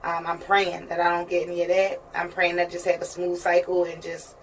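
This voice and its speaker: Low-voiced woman vlogging on a train. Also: monotone, brisk. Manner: chatty, earnest, often asks "you know what I mean". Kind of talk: casual personal vlog. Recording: distant mic with train noise.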